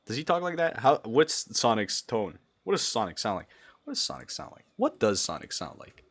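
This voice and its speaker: A man's voice: medium pitch, sing-song, moderate pace, gravelly, husky. Giggly, rambling young man streaming. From Brazil. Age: young adult. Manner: giggly, rambling, swings from mumbles to loud yelps. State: sleep deprived. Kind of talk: casual livestream chat.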